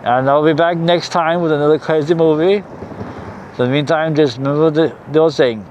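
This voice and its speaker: A man's voice: on the high side, fairly even intonation, fairly quick, darkish tone, dull audio, slight background noise. A man hosting a casual movie commentary, rambling and swearing freely as he talks. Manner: rambling, profane, laughs often. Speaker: host.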